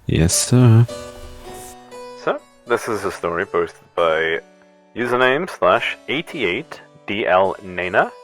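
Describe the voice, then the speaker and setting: A man with a Northern English accent reads a spooky story aloud. His voice sits very low yet sounds bright and forward, and he keeps a low-key, dry manner. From England. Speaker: co-host and story reader. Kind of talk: reading a horror story aloud.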